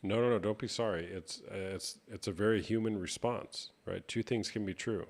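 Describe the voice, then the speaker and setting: A man hosting a live stream chat, speaking in a calm, reflective coaching tone. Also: fairly low pitch, moderate pace, creaky. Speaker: host.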